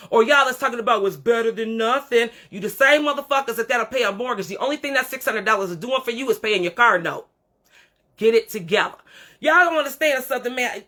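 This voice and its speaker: A woman's voice: on the high side, bright, forceful tone. A middle-aged woman hosting a livestream, talking bluntly and with lots of swearing as she lectures her viewers straight to camera. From Creole background. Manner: blunt, profane, preachy, talks straight to viewers. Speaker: livestream host. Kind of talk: unscripted livestream rant.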